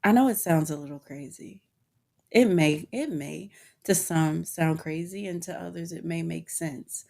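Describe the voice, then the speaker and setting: Low gravelly woman, candid chat. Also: unhurried, a little mellow. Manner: candid, informal, addresses listeners as y'all, many restarts. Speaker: podcast host. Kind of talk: personal reflective monologue.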